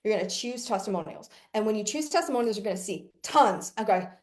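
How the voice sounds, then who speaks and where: A woman's voice: medium pitch, lively intonation, fast. Brash, profane woman coach. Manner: brash, profane, laughs often. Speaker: business coach. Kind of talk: casual coaching monologue.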